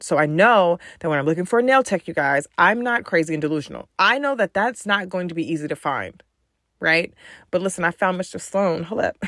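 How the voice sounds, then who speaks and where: A woman's voice: deep voice, no echo. Woman podcast host, casual and talkative, filler-heavy storyteller, slightly fried voice, dry sound. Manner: chatty storyteller, many "like" fillers, animated retellings. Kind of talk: casual chat.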